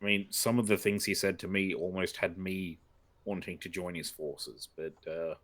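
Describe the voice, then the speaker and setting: An earnest, polite adventurer, played by a man at a gaming table speaks in a very deep voice. He hesitates often, filling pauses with ums and uhs as he picks his words. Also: steady tone, a bit bright. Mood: uneasy. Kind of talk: in-character tabletop role-play.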